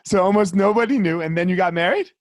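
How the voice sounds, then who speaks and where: A man hosting a casual interview show, rambling through questions, swearing casually, and growing animated when telling stories. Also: high-pitched, fast, slight background noise. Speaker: podcast host.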